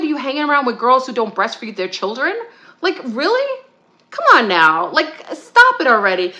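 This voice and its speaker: A woman hosting a talk show, ranting heatedly and rambling, with restarts and high-pitched outbursts. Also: bright, forceful tone. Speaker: podcast co-host. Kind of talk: ranting monologue.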